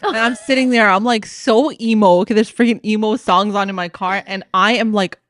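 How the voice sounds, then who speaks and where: A woman's voice: medium pitch, fairly quick, no room sound, clean studio sound. A woman co-hosting a casual podcast, telling stories with lots of laughter and "like.". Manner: animated storyteller, laughs often, says "like" and "okay". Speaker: podcast co-host. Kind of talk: casual chat.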